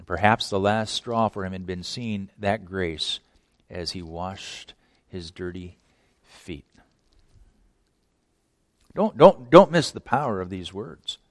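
A man's voice: deep voice, animated, slow pace, pauses often, no room sound. A male preacher giving an emphatic sermon, repeating words and asking the congregation rhetorical questions.

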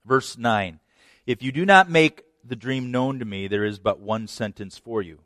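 A man's voice: mid-range voice, moderate pace, fairly bright tone, no room sound, clean studio sound. A man preaching an expository sermon, reading scripture aloud, breaking down its grammar, and laughing at his own jokes. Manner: laughs and jokes between points.

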